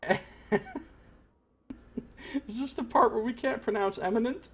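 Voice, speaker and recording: A let's play streamer games from his apartment, riffing aloud with sarcastic, profane commentary. His voice is very high and husky, unhurried, with long pauses.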